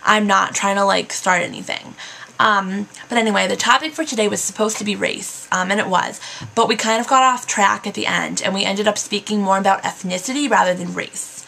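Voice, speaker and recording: A woman's voice: medium pitch, brisk, vocal fry, bright, forceful tone, a little hiss or hum. A young American woman in her twenties, chatting casually in a vlog, full of fillers and "like", getting worked up as she vents. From United States. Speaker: vlogger.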